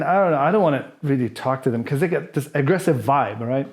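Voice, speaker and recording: Audio is dull as a vlogger, medium-pitched and animated, races through a personal story with hardly any pauses. Answering viewer questions, he swears openly, speaks candidly, and plays out the characters in his tale.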